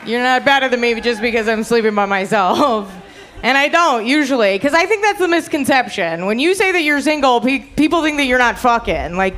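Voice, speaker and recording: Young woman, stand-up comic, high voice, crude, laughs at her own jokes, live club set. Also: fairly bright tone. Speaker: stand-up comedian. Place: comedy club stage before a live audience.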